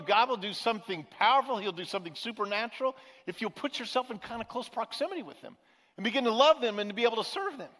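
A man preaching a sermon as pastor, telling a story in a relaxed, conversational way with emphatic repetition. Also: sits high, in a large hall.

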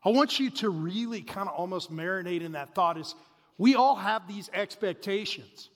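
Man preaching, high voice, animated storyteller, long hall reverb. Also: normal speed. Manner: animated, swings between loud bursts and hushed asides. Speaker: pastor. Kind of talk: sermon with storytelling.

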